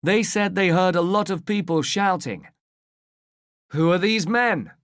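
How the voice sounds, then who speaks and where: A woman reading the lines of a kind male police constable in a children's story, calm and concerned. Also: lowish voice, measured pace, no room sound, clean studio sound, lightly acted.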